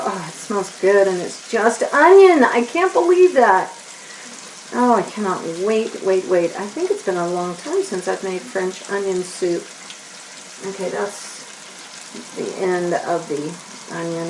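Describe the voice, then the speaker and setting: With a lowish, darkish voice that is animated and unhurried, this woman presents a casual kids' cooking demo at home, chattering to herself over the stirring. The mic is set back in the roomy kitchen, picking up a little hiss or hum and sizzling onions.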